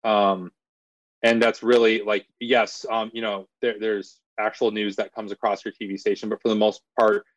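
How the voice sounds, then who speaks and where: A journalist guest in a casual interview, a man explaining his views in a measured way. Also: lowish voice, little pitch movement, no echo, muffled recording.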